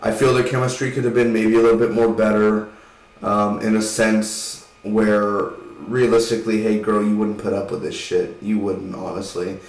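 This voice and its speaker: A man giving a rambling, casual spoken film review, swearing now and then and acting out scenes in quick voices. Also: fairly low pitch, level tone, roomy sound, far from the mic, poor audio.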